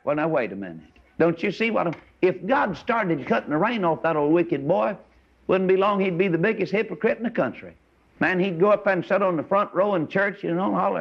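A man preaching a folksy, animated sermon, telling stories and rising to high exclamations. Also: fairly quick, vocal fry. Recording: dull lo-fi sermon recording.

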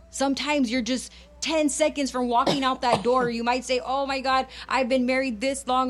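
Fervent woman preacher, high voice. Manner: fervent, switches between English and Spanish. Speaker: radio preacher. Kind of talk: bilingual sermon.

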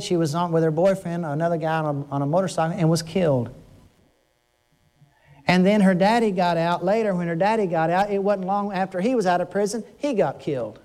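A man's voice: a little fast, darkish tone. An older man, preaching a sermon in an emotional, earnest way and breaking off to restart his sentences often. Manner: emotional, rising pitch when stirred, frequent restarts. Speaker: pastor.

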